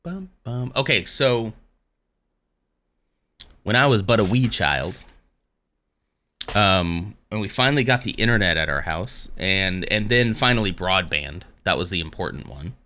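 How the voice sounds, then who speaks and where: A man's voice: low voice, animated, unhurried, long pauses, sharp tone. A man hosting a casual live stream, rambling along between dad jokes. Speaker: livestream host.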